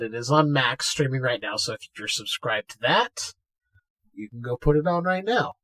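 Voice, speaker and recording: A man's voice: mid-range voice, rough recording. A man co-hosting a podcast, casually retelling a film scene by scene and acting out the lines. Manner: animated retelling with quoted voices. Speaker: podcast co-host. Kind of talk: casual movie recap chat.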